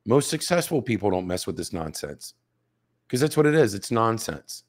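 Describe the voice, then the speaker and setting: A man in his fifties, a show host, gives emphatic direct-to-camera commentary with rhetorical questions to his viewers, his voice slightly hoarse. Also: fairly low pitch, big pitch swings, normal speed. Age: 50s.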